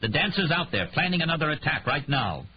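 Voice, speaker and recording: A man voicing a sharp, commanding male criminologist, recorded slightly muffled with faint hiss. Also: a little high, big pitch swings, a little fast, voice pushed up.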